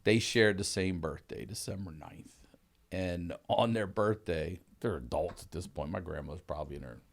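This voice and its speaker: A man from Baltimore hosting a podcast, telling stories in a casual, animated and profane way. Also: low-pitched, moderate pace, creaky. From Baltimore, United States. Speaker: podcast host. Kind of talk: casual storytelling chat.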